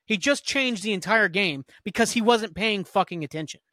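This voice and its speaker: Ranting angrily and profanely about refereeing, a man hosts a sports talk podcast in a heated, fast-talking tirade. His voice sits high and sounds bright and forceful, with lively intonation, recorded in clean studio sound without room noise.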